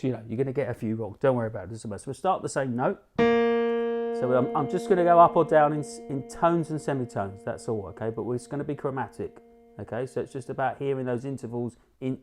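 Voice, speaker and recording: British guy running a jazz lesson on a video call, chill, lots of ums, soft piano underneath. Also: medium pitch. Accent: British English. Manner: relaxed, instructive, many fillers and restarts. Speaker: jazz music teacher. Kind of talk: live online music lesson. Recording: faint piano music behind the voice. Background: piano notes.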